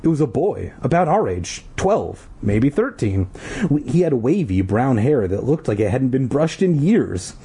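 A man's voice: medium pitch, very animated, unhurried, mellow, breathy edge. A man reading a children's story aloud in a casual, jokey way, breaking off for sarcastic asides. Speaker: audiobook reader.

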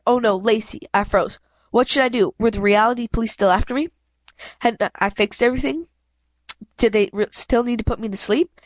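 A woman's voice: a little high, no echo, dull audio. A woman reading a children's novel aloud in first person, often stumbling and correcting herself. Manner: halting, frequent self-corrections. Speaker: reader.

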